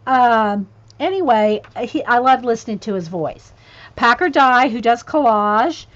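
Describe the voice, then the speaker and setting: Woman, casual craft livestream, rambling and chatty, a bit hoarse, higher voice, muffled sound. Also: animated, measured pace. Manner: chatty, rambling, breaks off to talk to her cat. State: voice getting worn. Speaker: craft vlogger reading a list of channels. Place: home craft room with a ring light.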